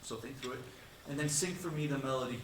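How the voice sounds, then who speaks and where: A man coaching a student conductor in rehearsal, gently asking questions and singing melody lines in nonsense syllables. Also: mid-range voice, fast. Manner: gentle, encouraging, asks many questions. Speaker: conducting clinician. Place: rehearsal room with a band. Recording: echoey rehearsal room, distant mic, band noise.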